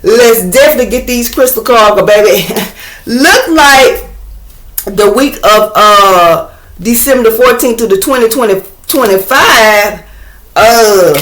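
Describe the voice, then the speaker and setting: A woman's voice: a little high, lively intonation, measured pace, a bit bright, echoey room. A woman giving a casual tarot reading to her viewers, blunt and chatty, swearing freely and talking straight to them. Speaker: tarot reader.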